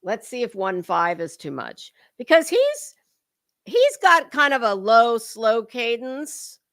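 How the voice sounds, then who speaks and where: Woman doing a drama commentary stream, slow and gravelly, swears a lot, greets chat. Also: fairly high pitch, big pitch swings, a bit bright, no echo, clean studio sound. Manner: chatty, swears freely, greets chat viewers by name. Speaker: livestream commentary host. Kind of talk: casual livestream commentary.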